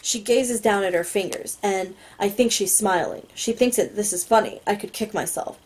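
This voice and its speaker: A woman's voice: mid-range voice, moderate pace, a little mellow, poor audio. A woman reading a novel aloud, narrating in the first person in an inward, musing way. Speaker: audiobook reader.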